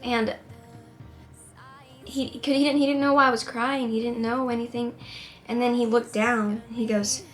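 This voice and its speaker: A woman tells a painful personal story to camera, tearful and on the edge of crying, in halting, rambling sentences full of restarts. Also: a little high, level tone, soft background music. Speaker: singer-songwriter vlogger.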